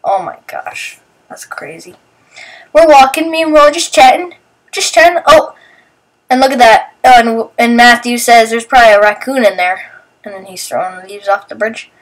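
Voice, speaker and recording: A young woman talks over her own footage in a loose, rambling voice-over. Her voice sits a little on the high side. She chats casually and acts out what her friends say. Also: moderate pace, recorded from a distance. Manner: rambling and chatty, narrating what friends do and acting out their lines. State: sleepy, just woke up. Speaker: vlogger. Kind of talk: casual voice-over commentary on video clips.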